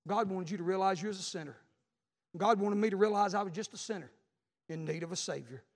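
Middle-aged male pastor, high-pitched, fervent, preaching in a reverberant church. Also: quick pace. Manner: fervent, builds to shouting. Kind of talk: sermon. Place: church sanctuary. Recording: long hall reverb.

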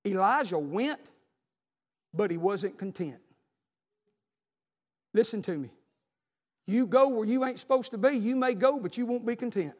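A man's voice: high-pitched, unhurried, long pauses. A man preaching a fiery sermon, repeating lines with emphasis. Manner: Southern preacher cadence, repetitive and emphatic, acting out quoted voices. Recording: echoing hall.

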